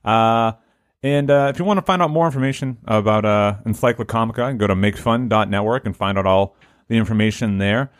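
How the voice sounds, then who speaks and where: A man's voice: fairly low pitch, fast talker, no echo, clean studio sound. A man hosting a casual podcast, joking around and wrapping up the episode with plugs. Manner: lively, joking, wraps up the show. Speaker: podcast host.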